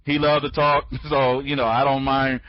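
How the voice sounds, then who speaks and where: A man's voice: mid-range voice, no room sound. A sleepy man hosts an online training session, rambling and circling back to repeat his points. He restarts his sentences often and speeds up when he gets going. The sound is dry and muffled, like a cheap headset. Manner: talks fast when excited. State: sleepy, tired. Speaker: online training conference host. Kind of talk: casual live webinar talk. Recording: dry, dull lo-fi audio.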